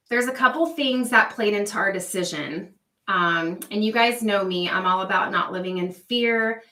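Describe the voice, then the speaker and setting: A woman's voice: medium pitch, sharp tone, distant mic. A woman hosting a casual livestream, chatting with viewers and answering their comments by name. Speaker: livestream host. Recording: echoey room, voice a bit off-mic.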